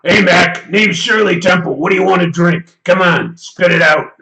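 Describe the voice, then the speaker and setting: A man doing a loud, gruff impression of a brash young girl who talks like a tough barkeep. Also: high voice, moderate pace, echoey room, full character voice. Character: brash tough-talking girl demanding an order.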